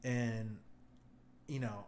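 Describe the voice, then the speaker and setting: A man's voice: mid-range voice, fairly even intonation, extremely slow, a little mellow. A young man co-hosting a podcast, talking in a loose, profane, rambling way. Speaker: podcast co-host. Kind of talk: casual podcast chat. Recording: echoey room, faint ambience.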